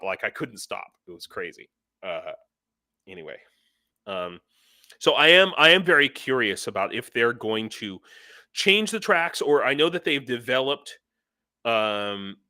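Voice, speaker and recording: Rambling bright-voiced male stream host. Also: on the low side, no echo. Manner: rambling, self-interrupting, reads chat comments aloud. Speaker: livestream host. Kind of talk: casual live-stream chat. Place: home in Ukraine.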